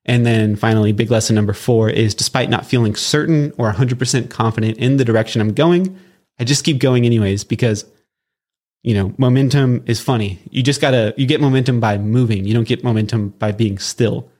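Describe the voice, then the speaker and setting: A medium-pitched, slightly mellow man from Southern California speaks briskly. Hosting a solo podcast, he talks in a loose, rambling way packed with fillers and restarts.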